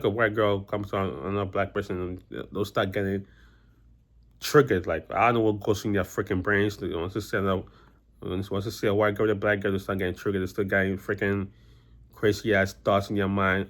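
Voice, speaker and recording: A man's voice: fairly low pitch, steady tone, normal speed. A young man vlogging casually about his own experiences, rambling with lots of restarts and fillers. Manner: rambling, many restarts and "you know" fillers. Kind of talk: casual personal storytelling to camera.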